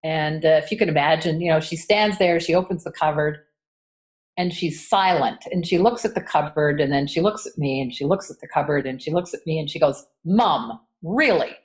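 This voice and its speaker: A woman's voice: sits low, a little fast, darkish tone. A woman in her sixties, an interview guest telling her story candidly with lots of fillers. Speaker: interview guest, entrepreneur coach. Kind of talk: casual interview chat.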